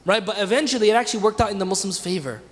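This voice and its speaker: A man with a high voice leads a religious lesson in a mosque. He tells the story in a loose, conversational way and keeps turning to his class with questions. His voice rings out with a long echo in the hall. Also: rapid-fire. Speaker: teacher leading a class. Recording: reverberant hall.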